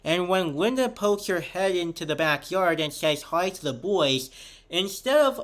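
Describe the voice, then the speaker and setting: A man with a fairly high speaking voice narrates a scripted review. He reads steadily from his notes, walking through one detail after another. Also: lively intonation, a little slow, fairly bright tone. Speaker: show host and reviewer.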